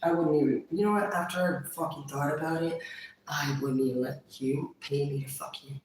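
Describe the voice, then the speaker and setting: A woman chatting casually on a livestream, blunt and profane, quick to laugh. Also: sits low, a little mellow, distant mic, a little hiss or hum. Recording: very echoey room, voice off-mic.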